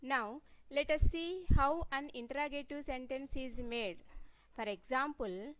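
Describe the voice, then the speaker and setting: Lady teacher, slow careful delivery, walks through example sentences step by step. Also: high-pitched, fairly bright tone, rough recording. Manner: measured, reads example sentences one by one. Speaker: English teacher. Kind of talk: slow scripted grammar lesson.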